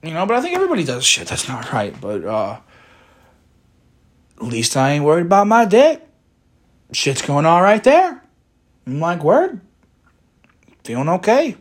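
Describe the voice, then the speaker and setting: A man rambling profanely through a solo podcast, cracking wry jokes and breaking into rants. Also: high-pitched. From Chicago area. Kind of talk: casual rambling monologue.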